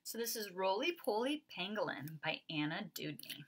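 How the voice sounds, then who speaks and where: A woman leading a children's storytime as a librarian. She talks in a sing-song voice, invites the kids to join in, and uses playful animal sounds and hushed asides. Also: mid-range voice, sing-song, normal speed, slightly rough. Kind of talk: family storytime with songs and rhymes.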